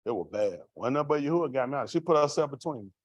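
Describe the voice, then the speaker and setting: A man's voice: medium pitch, expressive, rapid-fire, no room sound. A man giving a raw, vernacular testimony to a congregation, asking the room rhetorical questions as he tells his story. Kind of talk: street-life testimony to a congregation.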